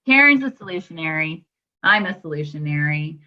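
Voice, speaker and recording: A woman's voice: sits low, animated, a little fast. Enthusiastic woman host, dull lo-fi sound. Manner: enthusiastic, spiritual. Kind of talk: casual chat.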